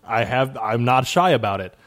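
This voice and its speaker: A man vents about a comic with real passion, swearing freely and acting out his own exasperated reactions. His voice sits at an ordinary middle pitch. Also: lively intonation, moderate pace, a bit bright. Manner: passionate, profane, acts out exasperated quotes. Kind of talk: casual chat about comics.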